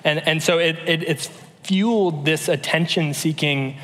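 A man in his thirties giving a conversational sermon, telling stories in a relaxed way with frequent fillers and restarts. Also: on the high side, a little slow. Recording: long hall reverb.

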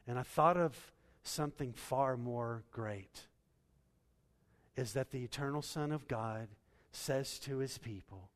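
A man preaching a sermon as pastor, swinging from loud emphatic bursts to hushed endings. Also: medium pitch, slow, big-room sound.

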